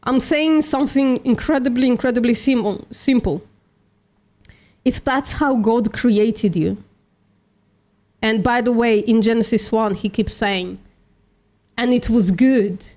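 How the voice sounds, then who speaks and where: A woman's voice: on the high side, unhurried, darkish tone. A woman hosting a live stream, debating bluntly and swearing, calling people sweetie. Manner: blunt, argumentative, swears, calls others sweetie. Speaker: streamer, vegan activist.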